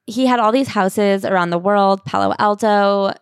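A woman's voice: mid-range voice, steady tone, normal speed, clean tone, dry recording, clean studio sound. Wry woman podcast co-host. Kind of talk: casual chat retelling a memoir.

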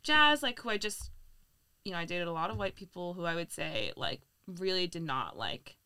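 Young comic chatting, bright voice, rambles a lot w/ tons of likes. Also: female voice, lowish voice, very animated, clean tone, no room sound. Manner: rambling, lots of "like", fast restarts. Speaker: comedian guest. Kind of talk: casual podcast chat.

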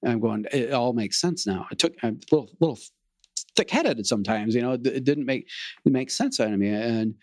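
A middle-aged man telling his own story in an earnest, animated way and acting out the dialogue. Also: medium pitch, fairly quick, no echo. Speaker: program member sharing his story. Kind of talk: personal testimonial.

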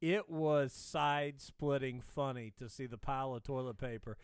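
Brief: wry dad co-host, smooth voice, dry close sound. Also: male voice, medium pitch, moderate pace, no echo. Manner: wry, teasing questions. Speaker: podcast co-host, father. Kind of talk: casual chat.

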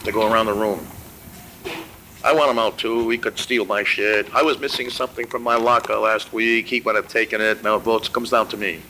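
Gravelly, blunt older man swearing freely. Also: lowish voice, fairly even intonation, a little fast. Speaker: interviewee. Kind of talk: profane storytelling. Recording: noisy recording.

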